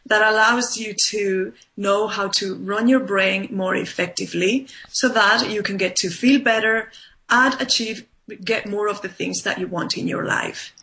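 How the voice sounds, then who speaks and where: A woman's voice: medium pitch, unhurried, bright, forceful tone. A woman life coach explaining her method in an interview, emphatic and repeating points for stress. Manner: emphatic, repeats points with "right?" and "you know". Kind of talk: conversational interview.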